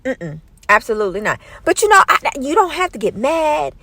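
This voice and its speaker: A woman's voice: sits high, very animated, brisk, creaky, sharp tone, dry recording. A woman vlogger giving casual opinion commentary in a light, scratchy voice. She talks emphatically and acts out other people's lines.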